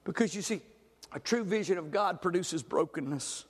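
Male pastor, impassioned preaching from shout to hush, bright high tone echoing through a large sanctuary. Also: normal speed, husky. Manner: fervent preaching, swings from shouting to near-whispers. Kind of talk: sermon. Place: church sanctuary. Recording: long hall reverb.

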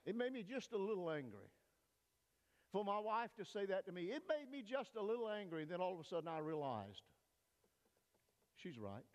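High-voiced older man preaching a sermon. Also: very animated, fairly quick, lo-fi sound. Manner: emphatic preaching, swinging from loud peaks to hushed asides. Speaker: pastor. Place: church sanctuary. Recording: long reverb of a church hall.

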